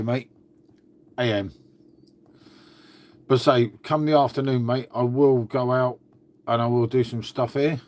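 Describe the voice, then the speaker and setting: A man's voice: mid-range voice, steady tone, a little slow, pauses often, darkish tone. A man from England hosting a casual live stream from home, rambling and calling viewers "mate". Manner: rambling, repeats "mate" and "shall we say". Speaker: livestream host. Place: at home indoors.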